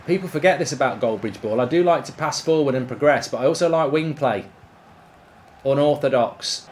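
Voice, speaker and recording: A man streaming a football video game, reacting loudly, swearing and cheering at the play. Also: medium pitch, a little fast, slight background noise. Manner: excitable, swears, shouts at the game. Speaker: gaming streamer. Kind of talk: live football game commentary.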